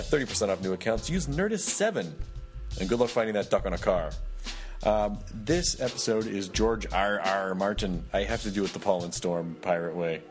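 A male podcast host rambles through a sponsor read and intro, joking and dropping fillers. His voice sits low. Soft music plays faintly underneath. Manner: rambling, jokey, full of fillers.

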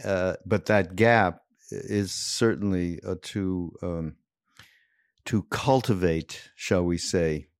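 A man hosting a reflective podcast interview, speaking haltingly with many fillers. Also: deep voice, no room sound, clean studio sound. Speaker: podcast host.

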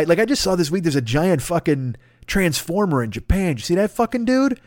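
A man's voice: high voice, very animated, brisk, no echo, studio quality. A man hosting a comedy podcast, riffing through a profane, rambling monologue and sliding into silly voices. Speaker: podcast host.

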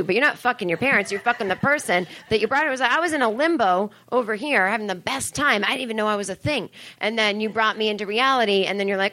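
A woman's voice: mid-range voice, fast talker, few pauses, pushed and bright. A woman comedian talking to a live crowd on a club stage, rambling and acting out the people she quotes. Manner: rambling, acts out quoted voices. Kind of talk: live stand-up crowd talk.

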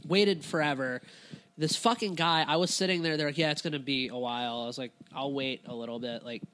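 A man in casual podcast chat telling a rambling story, animated and swearing, laughing as he talks. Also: mid-range voice, brisk. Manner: animated, laughs through his own stories, swears.

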